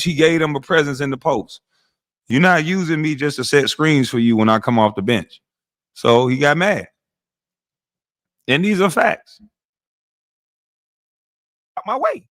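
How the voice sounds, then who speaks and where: A man in his forties, a former basketball player, reacts to old game clips with profane trash-talk, boasting and laughing often while calling people "boy." His voice is fairly high and fairly bright, at normal speed, in clean studio audio with no room sound.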